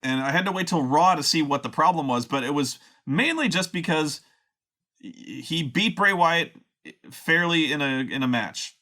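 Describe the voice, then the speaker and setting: A man delivers a sarcastic, profane rant with plenty of exasperation. His voice is bright and sharp-edged. It sits a little high and swings widely in pitch as he vents. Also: lively intonation, normal speed. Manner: sarcastic, exasperated, swears a lot. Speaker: wrestling show reviewer. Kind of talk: profane ranting commentary.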